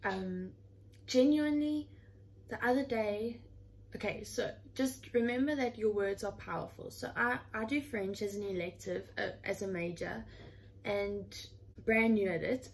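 A young woman in her twenties, talking from her room at home in an earnest, chatty way. Her pitch sits in an ordinary middle range, and she keeps coming back to "literally" as she explains things. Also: unhurried, vocal fry, rough recording. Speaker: vlogger. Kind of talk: casual heartfelt chat.

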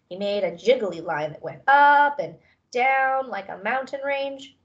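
A woman reads a children's novel aloud, calm and measured, at a middle pitch. The recording is slightly dull and lo-fi. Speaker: reader.

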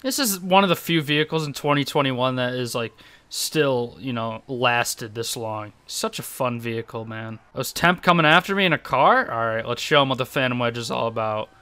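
A young man giving casual, excitable commentary over his own gameplay, laughing often and talking to himself. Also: mid-range voice, normal speed, smooth, dry recording. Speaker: gaming YouTuber.

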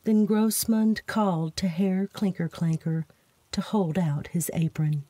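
Woman, bedtime story narrator, slow, mellow voice, soothing, dry recording. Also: on the low side, no echo. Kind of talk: soft bedtime story reading.

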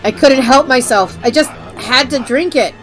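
A woman's voice: high-pitched, normal speed, soft background music, close to an everyday voice. A woman voicing a rambling old southern village man with a put-on Southern US drawl, reading game dialogue aloud. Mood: folksy.

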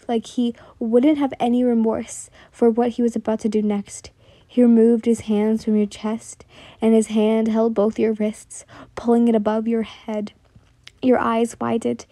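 A young woman reading a second-person fan fiction story aloud in a soft voice that often drops to a whisper, stumbling and restarting lines. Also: on the high side, dry recording. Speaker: story narrator.

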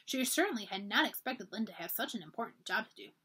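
A woman's voice: medium pitch, lively intonation, fast talker, pushed and bright, slightly rough. A woman reading a children's storybook aloud for a library, narrating expressively.

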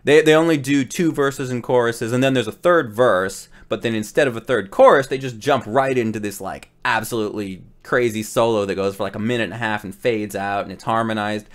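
A man's voice: mid-range voice, fairly quick, few pauses. A man, a rock guitarist, talking casually as he reacts to a cover, rambling with many restarts and fillers.

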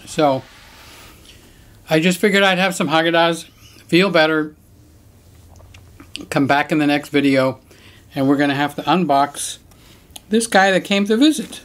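A man's voice: on the high side, measured pace, pauses often, a bit bright. A middle-aged man chatting casually in a home unboxing vlog, joking around and talking to his pets in a Christmas-decorated room. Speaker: camera vlogger.

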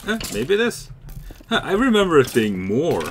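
A young man giving casual, chatty commentary while playing a game, excitable and swearing freely. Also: on the high side, normal speed, vocal fry, noisy background. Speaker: gamer.

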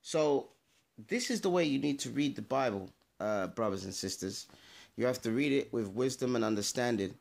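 A man's voice: medium pitch, expressive, gravelly, darkish tone. A man giving an informal, emphatic Bible teaching to camera, speaking straight to his viewers and reading out references. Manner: emphatic, addresses viewers directly, pauses to check sources. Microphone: camera mic, adjusting camera while talking.

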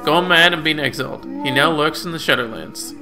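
A man reading a proud, scheming male Wookiee chieftain's lines with slow, pompous proclamations. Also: fairly high pitch, lightly acted. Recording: game music under voice. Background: game music.

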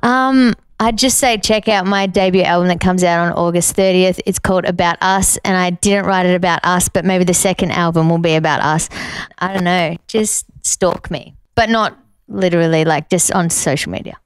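Playful Australian woman, smooth voice. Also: fairly low pitch, dry recording. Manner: playful, animated, quick to joke. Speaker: singer and drummer, interview guest. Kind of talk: casual interview chat. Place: studio.

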